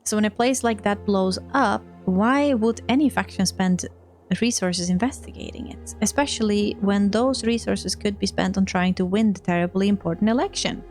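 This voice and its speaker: Swedish lady reading her game out loud, giggles a lot, trips on words, soft music under it. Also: medium pitch, normal speed. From Sweden. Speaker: gaming streamer. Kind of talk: playing a story game and reading it aloud.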